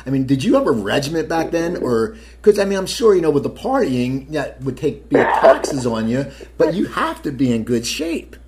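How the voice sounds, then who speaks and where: A man's voice: medium pitch, big pitch swings, moderate pace, hardly any pauses, a little mellow, slight background noise. A male interviewer who laughs often and asks long, rambling questions. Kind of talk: radio interview.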